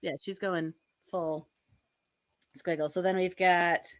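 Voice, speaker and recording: A woman co-hosting a casual chat about her sketches, animated and acting out quotes in playful voices. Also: fairly low pitch, slow pace. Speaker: podcast co-host and sketch artist.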